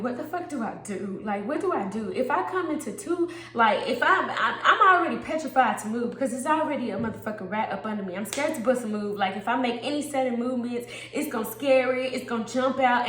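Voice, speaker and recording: A woman telling a wild story in an animated, profane, laughing way. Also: fairly high pitch, fairly quick, few pauses, reverberant. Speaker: storytime vlogger. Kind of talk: casual storytime monologue.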